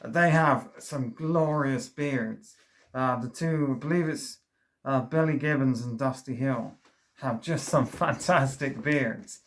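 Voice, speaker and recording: A man hosts a casual review monologue about a record. He talks at an ordinary middle pitch. He is eager and wandering, with plenty of ums and half-finished phrases as he piles on praise. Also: slow. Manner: enthusiastic, rambling with many fillers and restarts.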